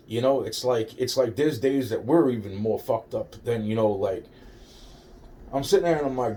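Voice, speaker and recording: Rambling, swearing man with a dark voice. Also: mid-range voice, moderate pace. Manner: rambling, profane, many restarts and quoted dialogue. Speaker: vlogger telling a personal story. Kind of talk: rambling first-person storytelling.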